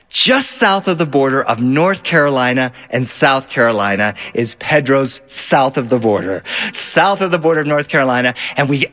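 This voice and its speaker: A man telling a family story live to an audience, animated and acting out the voices. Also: mid-range voice.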